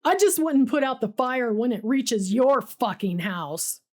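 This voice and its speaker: Give me a woman playing a hyper-articulate man with a low mumbling Southern drawl, cool and cutting, on the high side. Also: expressive, a little slow, a little mellow. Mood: smooth. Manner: cool, taunting and then cutting. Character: menacing bald male writer, hyper-articulate.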